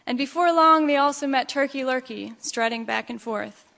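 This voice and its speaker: A woman's voice: sits high, moderate pace, gravelly, a bit bright, in a large hall. A woman pastor giving a sermon, telling a story expressively before reflecting, in a church. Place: church sanctuary.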